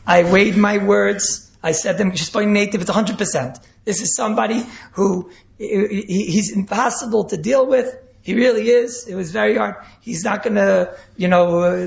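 Animated man teaching in an echoey room. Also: sits high, creaky. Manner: animated, mixes Yiddish and Hebrew terms, repeats key phrases. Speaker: Torah teacher. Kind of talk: Torah class lecture. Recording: echoey room, dull lo-fi sound.

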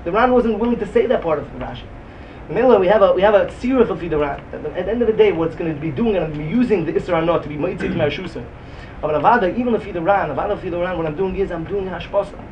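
High, fast-talking yeshiva lecturer. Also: male voice, muffled recording. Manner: animated, sing-song talmudic cadence. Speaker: Talmud teacher. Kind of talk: yeshiva-style Talmud lecture. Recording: distant mic, faint room noise.

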